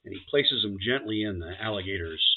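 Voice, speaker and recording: A man co-hosting a comedy podcast, telling long jokes in a casual, animated way and doing voices for the people in them. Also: on the low side, brisk. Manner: animated joke teller doing character voices. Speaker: podcast co-host. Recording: tinny phone-like audio.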